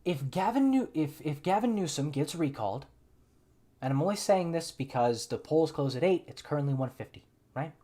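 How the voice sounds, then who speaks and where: A man's voice: on the high side, lively intonation, normal speed, warm tone. A man hosting a live political commentary stream, sarcastic and exasperated, thinking aloud with frequent restarts.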